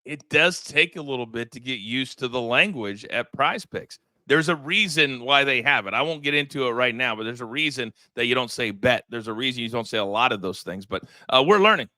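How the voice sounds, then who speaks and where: Bright-voiced energetic male sports host. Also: mid-range voice, brisk, few pauses, no echo. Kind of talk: sports betting show chat.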